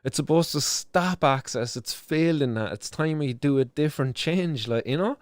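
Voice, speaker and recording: A man's voice: fairly high pitch, moderate pace, dry recording, clean studio sound. A young Irish man hosting a live stream, talking with passion and swearing, with many restarts. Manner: impassioned, swearing, many restarts and "do you know". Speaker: stream host. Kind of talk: emotional live-stream commentary.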